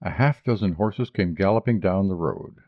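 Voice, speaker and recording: A man reading a short story aloud as an audiobook narrator, in a measured, even delivery. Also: sits low, no echo, highs cut off. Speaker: audiobook reader.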